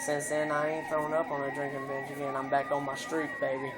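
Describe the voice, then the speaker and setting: A man vlogger telling a rambling, profane story in casual chat, filling it with "you know" and getting loud at times. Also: on the high side, monotone, fairly quick, crowd noise, poor audio.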